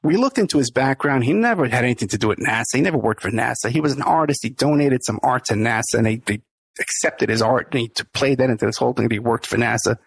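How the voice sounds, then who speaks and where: A man's voice: medium pitch, fast talker, creaky, slightly rough, no room sound. A middle-aged man, the podcast host, telling a story in a casual interview, laughing often and acting out the people he quotes.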